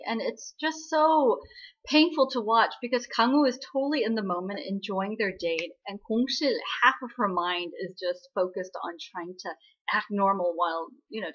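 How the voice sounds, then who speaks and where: A woman giving a casual spoken recap of a TV drama, chatty and full of fillers, acting out quoted lines in a higher voice. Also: fairly bright tone, muffled recording.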